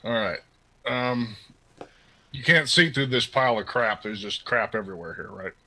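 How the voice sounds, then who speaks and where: Bright-voiced male player. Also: medium pitch, low-quality recording. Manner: deliberate, questioning, spells out actions. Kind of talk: tabletop game play.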